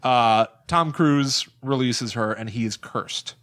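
A man's voice: mid-range voice, slow, fairly bright tone. A young man hosting a podcast in casual chat, rambling and joking with many "uh" fillers. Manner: rambling and jokey, with frequent "uh" fillers. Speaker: podcast host.

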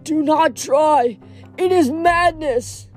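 A woman voicing a lifeless, fearful young male ghost with a hollow, halting delivery in a read-aloud story. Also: high voice, faint music behind, voice pushed up. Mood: mournful.

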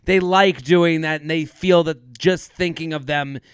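Guy cohosting a chatty podcast, smooth clear voice, laughs a lot, kinda rambly, dry close sound. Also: fairly high pitch, steady tone, measured pace, dry recording. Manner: laughs often, rambling with restarts. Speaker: podcast co-host. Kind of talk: casual chat.

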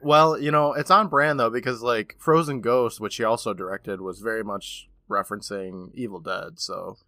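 A man co-hosting a podcast in casual, animated banter, laughing and swearing. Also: mid-range voice, normal speed, dry recording. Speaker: podcast co-host. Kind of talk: casual chat.

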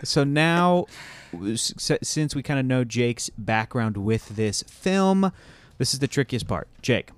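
A young adult man hosting a podcast in casual, halting chat with frequent restarts. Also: medium pitch, expressive, clear, resonant tone, dry recording. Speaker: podcast host.

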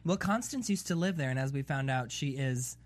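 A man's voice: mid-range voice, expressive, a little fast. A man on a TV recap panel who makes brief, matter-of-fact remarks. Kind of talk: casual TV recap chat.

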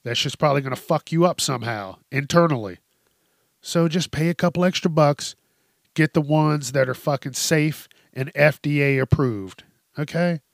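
A man's voice: a little high, moderate pace, creaky, no room sound, clean studio sound. A man hosting a podcast, ranting bluntly in casual chat, swearing freely and laughing often. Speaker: podcast host. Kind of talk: casual solo rant.

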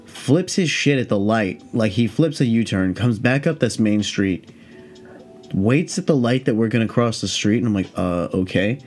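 A man in his late twenties hosting a podcast, telling a story in a casual, rambling way, profane and animated. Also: medium pitch, moderate pace, soft background music. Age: late 20s. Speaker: podcast host.

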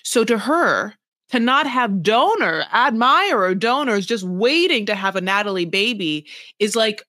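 A woman's voice: on the high side, sing-song, measured pace, bright, forceful tone, no echo, clean studio sound. A woman co-hosting a podcast, recapping a reality show in a rambling, sarcastic chat full of "like" and "you know". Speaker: podcast co-host.

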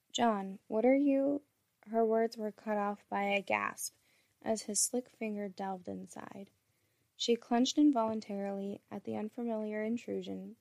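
A woman storyteller reading an erotic story in a steady, intimate way. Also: mid-range voice, gravelly, dry recording.

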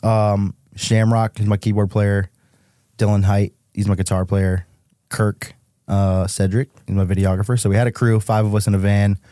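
A young man from Massachusetts tells tour stories on a podcast. He talks casually and with a lot of animation, peppering his speech with "like" and swearing. His voice sits low and mellow, and the recording is dry and close. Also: normal speed, no echo. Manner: animated, swears often, heavy use of "like". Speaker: guest musician.

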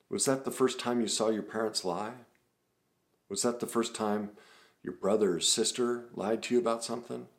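A man, a self-help author, guiding listeners through memories with a string of questions, then telling a painful story and building to impassioned emphasis. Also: fairly low pitch. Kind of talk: guided reflection talk.

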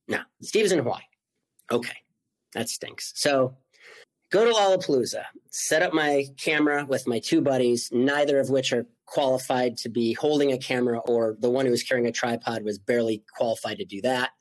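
Guest in his forties, lively storytelling man, mid-pitched voice. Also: a little fast. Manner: animated, acts out quoted voices, many "like" fillers. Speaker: interview guest. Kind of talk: storytelling in conversation.

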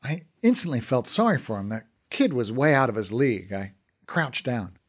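A man narrating a first-person adventure story in an animated, expressive way. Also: mid-range voice, normal speed.

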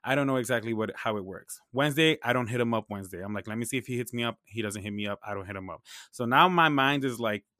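A man's voice: medium pitch, fast, hardly any pauses, sharp tone, no room sound, clean studio sound. A young man telling a story in a casual, slangy, profane way, acting out the back-and-forth dialogue.

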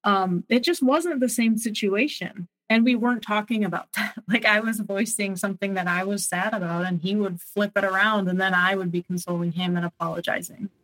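Woman recounting her past, halting. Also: mid-range voice, a bit bright, low-quality recording. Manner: halting, many fillers and restarts. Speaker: guest sharing her story. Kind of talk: personal testimony interview.

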